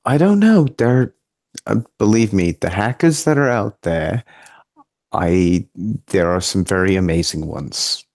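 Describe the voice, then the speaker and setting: A man guesting on a casual podcast, animated and quick to disagree. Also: sits low, dry recording. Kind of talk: casual discussion.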